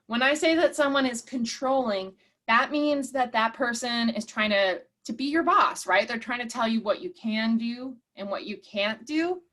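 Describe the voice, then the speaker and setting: A woman's voice: on the high side, moderate pace, a bit bright. A woman leading an online workshop, encouraging and reading out participants' chat replies. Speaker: workshop presenter.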